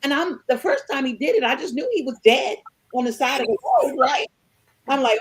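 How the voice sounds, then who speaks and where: A middle-aged woman co-hosting a podcast, telling a story with lively acted-out dialogue. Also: high voice, moderate pace, low-quality recording. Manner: animated storyteller, acts out dialogue. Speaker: podcast co-host. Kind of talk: storytelling chat.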